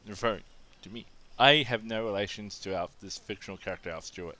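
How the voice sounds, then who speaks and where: A man's voice: fairly low pitch, quick pace, hardly any pauses, pushed and bright. A man from Australia telling a rambling personal anecdote as a casual monologue, with frequent restarts and asides.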